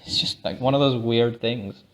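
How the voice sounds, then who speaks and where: Working through ideas aloud, a podcast host based in India delivers a casual solo monologue, rambling from topic to topic, cursing liberally and frequently stumbling into restarts. He speaks at a moderate pace in a mid-range voice.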